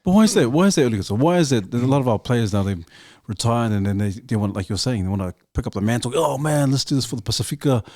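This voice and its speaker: A man hosts a casual interview, talking fast in a dark, mellow voice. He asks probing questions in a dry, close sound. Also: mid-range voice, animated, no room sound. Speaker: podcast host.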